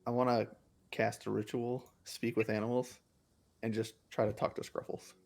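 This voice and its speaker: A man's voice: on the low side, flat delivery, moderate pace, creaky, a little mellow. A man playing a tabletop game, talking casually and repeating words as he thinks. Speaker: player.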